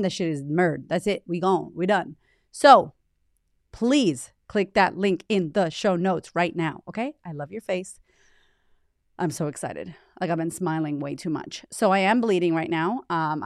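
A woman's voice: lowish voice, no room sound, clean studio sound. A woman in her thirties hosting her podcast in an emphatic, chatty way, swearing casually. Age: 30s. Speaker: podcast host. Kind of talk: casual motivational podcast talk. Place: home in Australia.

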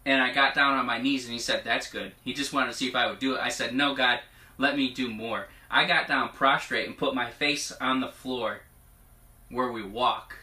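A man preaching informally, reading scripture aloud in a chatty way, often laughing and at times turning hushed and emotional. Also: mid-range voice, steady tone, brisk. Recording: echoey room, mic at a distance.

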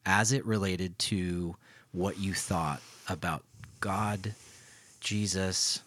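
A man's voice: deep voice, steady tone, fairly bright tone, no room sound. A middle-aged man from Tennessee, a pastor co-hosting a podcast, chatting casually in a playful, teasing way. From Tennessee, US South. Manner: playful, teasing, quick to laugh. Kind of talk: casual conversation.

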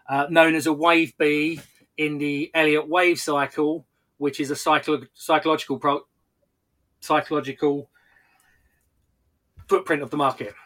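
A man talks through market charts as a podcast analyst, in a somewhat high, bright and tense voice. He explains step by step, stumbling now and then and restarting his sentences. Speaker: technical analyst.

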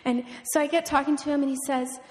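A woman in her twenties, a missionary, telling a lively testimony to a church crowd and acting out the people in her story. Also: high-pitched, quick pace. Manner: animated storytelling, acts out the people she quotes. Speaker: missionary speaker. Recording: long reverb in a large hall.

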